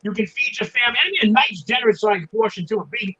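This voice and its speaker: Very high, bright-voiced earnest man. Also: fast talker, breathy edge, lo-fi sound. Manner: earnest, persuasive, repeats himself. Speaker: guest chef. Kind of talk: casual chat on a video call.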